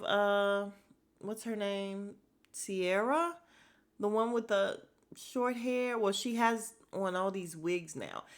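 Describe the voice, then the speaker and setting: A woman podcaster talks straight to her listeners in a loose, chatty recap, blunt and full of opinions. Her voice sits at an ordinary middle pitch for a woman, unhurried and conversational. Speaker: podcast host. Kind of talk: casual reality-show recap.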